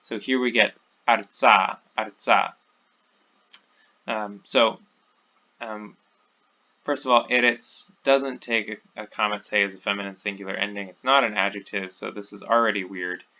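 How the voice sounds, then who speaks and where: A man talks through a recorded lecture in a loose, unscripted way, full of ums and false starts. His voice is gravelly with a bright edge, and the audio sounds dull and lo-fi. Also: on the low side, fairly even intonation, moderate pace. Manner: informal, many fillers and restarts. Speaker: teacher.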